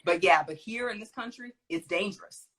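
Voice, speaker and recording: A woman's voice: mid-range voice, fairly quick, a crowd in the background, rough recording. A woman speaking as a guest in a conversation, teaching emphatically and animatedly with frequent laughter.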